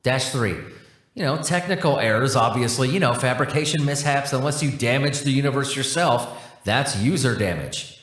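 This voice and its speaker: A bored, sour cosmic help-line agent who sounds tired of every call and talks in a flat, by-the-book way, as a male narrator puts him on. His voice sits in a mid register, in a roomy space. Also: mid-range voice, moderate pace, lightly acted. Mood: weary. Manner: flat, weary, procedural. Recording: roomy echo.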